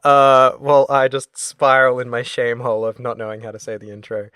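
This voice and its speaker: A man's voice: medium pitch, completely flat delivery, brisk, a bit bright, smooth, dry recording, studio quality. A young man from Australia co-hosting a casual gaming podcast, rambling and self-deprecating. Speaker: podcast co-host.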